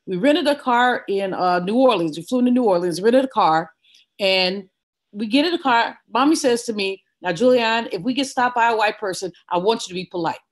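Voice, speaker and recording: An older woman, a guest in an interview, telling a personal story in a vivid, animated way. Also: fairly high pitch, moderate pace. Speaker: guest economist.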